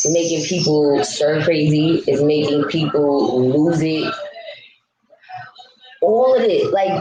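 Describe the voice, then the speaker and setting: A vlogger with a lowish, darkish voice talks casually to her live stream audience. She's blunt, goes off on rants and replies directly to the chat, all in an echoey room with a faint background hum.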